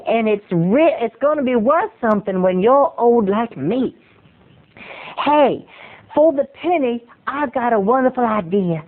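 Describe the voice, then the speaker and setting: A gracious old Southern lady who talks slowly and keeps bargaining, as a man does her voice. Her voice sits raised and is heard through thin, muffled, phone-like sound. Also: very high-pitched, lively intonation, pitched above the performer's own voice. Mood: sweetly pushy. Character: elderly Southern woman, hospitable but pushy.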